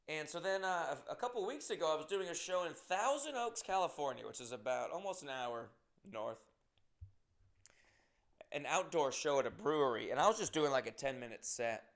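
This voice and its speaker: A man hosting a podcast, telling rambling, self-deprecating stories and swearing often. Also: mid-range voice. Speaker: comedian and podcast host. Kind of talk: casual podcast monologue.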